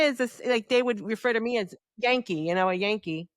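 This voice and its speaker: A woman's voice: fairly high pitch, fairly quick, no echo, clean studio sound. A woman from New York with Argentine family, co-hosting a casual podcast and telling stories candidly with plenty of swearing. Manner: candid storyteller who swears freely. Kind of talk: casual chat.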